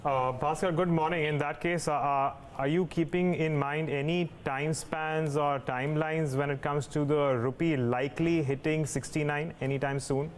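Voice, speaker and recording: A man's voice: on the high side, steady tone, normal speed, few pauses, a little hiss or hum. A man with an Indian English accent giving a live stock market update as a reporter. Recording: music bed under studio voice.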